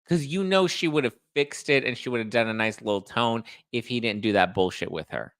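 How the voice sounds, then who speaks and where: A man's voice: mid-range voice, brisk, fairly bright tone, no room sound. A man hosting a reality TV recap, chatting in a sassy, gossipy way and acting out cast members' lines. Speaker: podcast host recapping reality TV.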